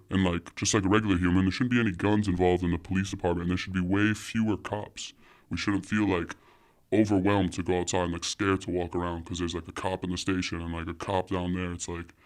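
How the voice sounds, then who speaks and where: A young man, talking loosely as a podcast guest, full of fillers and swearing. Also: deep voice. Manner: loose, profane, heavy on fillers. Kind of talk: casual chat.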